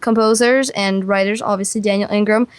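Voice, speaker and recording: A woman hosting an internet radio show, chatting in a bubbly, excited, gushing way. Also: mid-range voice, a little fast, smooth, dry recording. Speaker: host and singer.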